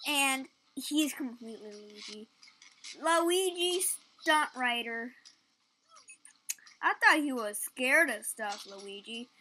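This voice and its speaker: A young woman giving excitable, casual commentary while playing a game, yelping at near misses. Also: high-pitched, slow pace, slight background noise. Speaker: gaming channel host.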